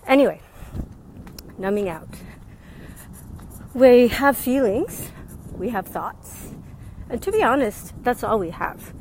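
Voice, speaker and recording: A woman's voice: a little high, lively intonation, slow pace, long pauses, a little mellow, poor audio. Woman life coach, casual vlog, winded from walking, earbud mic, faint outdoor noise. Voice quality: slightly out of breath. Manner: chatty and frank, laughs often. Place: outdoors on a windy street. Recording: wind and faint traffic noise.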